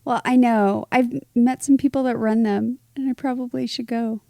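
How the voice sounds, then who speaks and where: A woman's voice: on the high side, fairly even intonation, moderate pace, creaky, mellow, no room sound, clean studio sound. A woman co-hosting a podcast, chatting casually and matter-of-factly. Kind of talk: casual chat.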